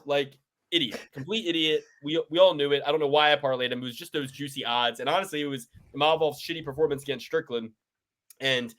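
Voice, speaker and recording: A man's voice: on the high side, fast, sharp tone. A man co-hosting a casual podcast chat, ranting and mocking with plenty of profanity. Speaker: podcast co-host.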